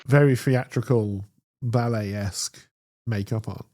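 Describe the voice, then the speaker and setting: Unhurried and medium in pitch, a male co-host talks through a TV episode on his podcast. The chat is relaxed but enthusiastic, full of animated storytelling.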